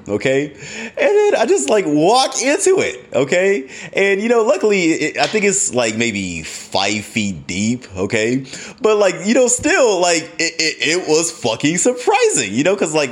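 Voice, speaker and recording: A man telling a story to his viewers in a casual, animated way, swearing freely and often laughing. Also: fairly high pitch.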